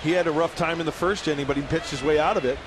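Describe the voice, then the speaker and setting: A man with a raspy voice giving chatty, opinionated baseball color commentary. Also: fairly high pitch, steady tone, racing. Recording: broadcast booth with stadium crowd. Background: stadium crowd noise.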